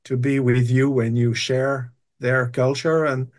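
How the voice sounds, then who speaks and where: With a French accent, a retired man in his sixties from Brittany, France, hesitates his way through a relaxed interview as a guest, full of fillers and restarts. He has a medium pitch, a level tone, and a slightly slow pace.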